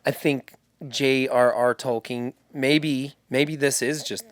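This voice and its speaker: A man's voice: medium pitch, steady tone, slow pace, dry recording. A man co-hosting a podcast, chatting loosely about a fantasy series, rambling and swearing casually. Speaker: podcast co-host.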